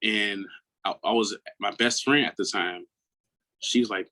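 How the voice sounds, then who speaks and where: A man in his thirties from Maryland, a guest on an interview who speaks earnestly and reflectively, often dropping into a hushed tone. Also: on the low side, measured pace, rough recording. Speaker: guest, mental health coach. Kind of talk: personal storytelling in an interview.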